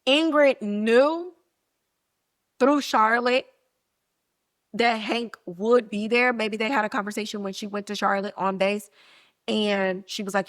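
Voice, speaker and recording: A woman's voice: medium pitch, a little slow. A woman hosting a podcast, giving a casual recap of a TV episode and playfully acting out quotes from the scenes. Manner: animated, acts out quotes with playful put-on voices. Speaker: podcast host.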